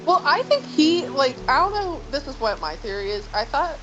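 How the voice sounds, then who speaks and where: A woman chatting casually on a stream, sarcastic and quick to laugh. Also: sits high, sing-song, background noise. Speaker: streamer co-host. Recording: dull lo-fi stream audio with music.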